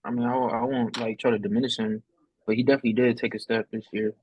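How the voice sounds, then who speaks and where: Husky young man with lo-fi sound. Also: mid-range voice, level tone, quick pace, no echo. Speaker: podcast panelist. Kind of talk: casual sports debate. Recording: slightly dull lo-fi sound.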